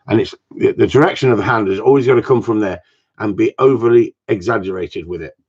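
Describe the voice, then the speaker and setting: A gundog trainer from Cornwall, England answers viewer questions in a casual live talk, giving blunt, jokey, plain-spoken advice. His voice is fairly low, dark-toned and husky, he talks fast, and the recording has a dull lo-fi sound.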